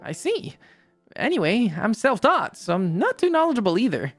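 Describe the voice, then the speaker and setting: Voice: medium pitch, big pitch swings, normal speed, soft background music, pitched above the performer's own voice. A streamer voicing a bubbly, gyaru-like young woman in a visual novel, reading her lines in a cheerful, chatty way.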